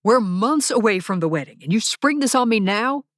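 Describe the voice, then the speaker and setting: A woman's voice: deep voice, moderate pace, no echo, studio quality, natural voice. A woman voicing an angry, hurt young man whose fiancée is leaving him, bitter and accusing. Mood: indignant.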